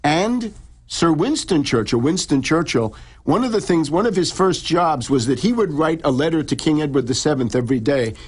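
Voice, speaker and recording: Husky man lecturing in halting restarts. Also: fairly high pitch, expressive. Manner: long halting explanations with many restarts. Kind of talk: lecturing conversation.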